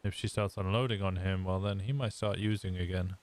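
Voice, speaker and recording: Man playing a low-voiced, deadpan one-armed man, easygoing and dry. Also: fairly quick, close to an everyday voice. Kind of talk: improvised role-play chat.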